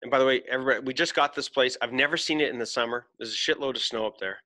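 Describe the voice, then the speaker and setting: A man hosting a podcast, telling an animated story in casual chat, swearing freely and acting out voices. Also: mid-range voice, rapid-fire. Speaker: podcast host.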